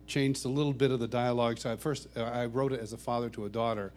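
A middle-aged man, a worship songwriter, telling personal stories to a church audience in a warm, chuckling, self-deprecating way. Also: medium pitch, steady tone, fast. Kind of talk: anecdotal storytelling talk.

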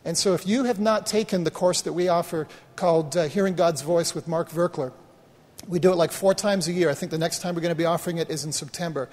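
A man's voice: a little high, steady tone, fast talker, darkish tone, long reverb tail. A middle-aged man preaching a sermon as pastor, in a folksy, conversational way full of rhetorical questions and restarts.

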